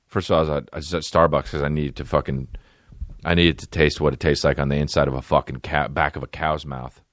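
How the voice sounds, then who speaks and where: A man in his thirties hosting a comedy podcast, ranting loudly and crudely, often jumping up into a high mocking voice. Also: quick pace, dry recording, studio quality. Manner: loud, profane, animated, jumps into high mocking pitch. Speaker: podcast host.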